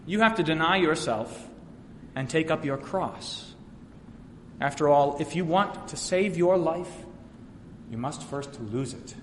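A man preaching in a church, his voice sitting a touch high for a man. He retells scripture stories and voices each quote, swinging from hushed to ringing. A long reverb trails his words around the sanctuary. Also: expressive, slow, long pauses, a little hiss or hum. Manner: storytelling preacher who voices biblical quotes with sweeping shifts in loudness. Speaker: pastor. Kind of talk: sermon.

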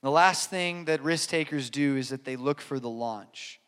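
A man's voice: medium pitch, normal speed, a bit bright, smooth, big-room sound. A man preaching a sermon, earnest and emphatic, repeating key lines and telling stories. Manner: earnest, emphatic repetition, storytelling. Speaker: pastor.

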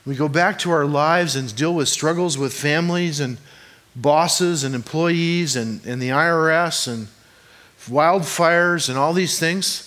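Man preaching a relaxed, joking sermon. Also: on the high side, measured pace. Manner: conversational, joking, asks the congregation rhetorical questions. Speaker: pastor. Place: church hall before a congregation.

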